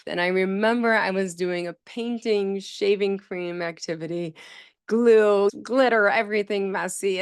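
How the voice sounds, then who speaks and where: A speech-language pathologist hosts her own podcast with animated energy, her medium-pitched, gravelly voice picked up by a close mic in a dry space with no echo. She repeats words for emphasis and mimics the voices of people she quotes.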